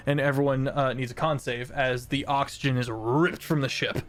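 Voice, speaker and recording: A man's voice: medium pitch, fairly even intonation, normal speed. A man running a tabletop game as game master, narrating with many fillers, restarts and laughs.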